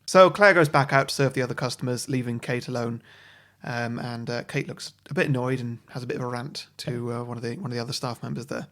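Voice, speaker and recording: A man's voice: medium pitch, quick pace, a bit bright. A man, co-hosting a podcast and telling an imagined story casually, with many ums and self-corrections. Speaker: podcast co-host. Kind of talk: casual chat, pitching an imagined sequel plot.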